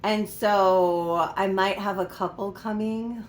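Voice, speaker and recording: Her voice is medium-pitched, slow, and steady in tone as a young woman casually tells the camera about her doll collection at home. She's giggly and doting, regularly talking sweetly to her dolls, and the echoey room leaves faint background noise on the recording.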